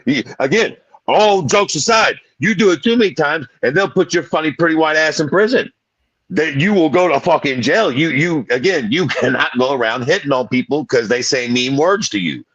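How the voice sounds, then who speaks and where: A man co-hosting a podcast, ranting in animated, profane, slang-heavy casual chat. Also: mid-range voice, no echo, highs cut off. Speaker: podcast co-host.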